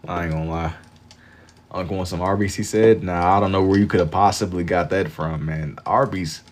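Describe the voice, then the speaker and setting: A young man chats with his live-stream audience in a loose, slangy way. His voice sits fairly low. He often repeats a phrase two or three times while he gathers his thoughts. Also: steady tone, brisk. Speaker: livestreamer drawing for chat. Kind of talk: casual live-stream chat.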